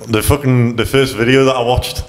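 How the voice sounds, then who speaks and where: A man's voice: medium pitch, steady tone, a little fast, long reverb tail. A man talking as a podcast guest in casual chat, rambling and swearing freely with lots of fillers.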